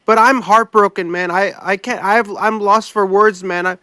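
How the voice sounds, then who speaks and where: A man's voice: high voice, fairly even intonation, moderate pace, pushed and bright, dry recording, clean studio sound. A man on a sports talk stream, speaking as a heartbroken fan, pleading and rambling. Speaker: fan panelist.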